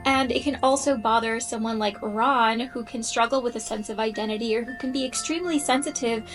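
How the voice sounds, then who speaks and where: A woman with a slightly high voice explains things in an earnest, casual way, thinking aloud as she goes and dropping the occasional "um". Soft music plays faintly behind her. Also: brisk, low-quality recording. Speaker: astrology content creator.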